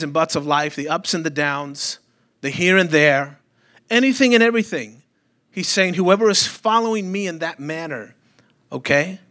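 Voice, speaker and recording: A man's voice: high-pitched, sharp tone. A man pastor preaching a sermon in a church, conversational and humorous, with frequent rhetorical questions to the congregation.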